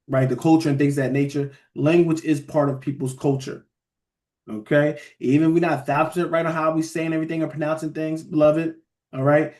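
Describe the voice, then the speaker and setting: A man teaching a casual online Bible study, speaking in a loose, halting way and often checking in with his listeners. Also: a little high, a little mellow. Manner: conversational, keeps checking in with listeners with "all right?" and "beloved"; loose, halting phrasing with restarts.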